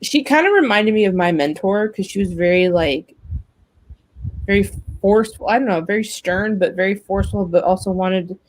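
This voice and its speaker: A woman's voice: medium pitch, normal speed, low-quality recording. A woman hosting a casual web talk show, telling a long story about job hunting, chatty and full of fillers. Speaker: host. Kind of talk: casual chat.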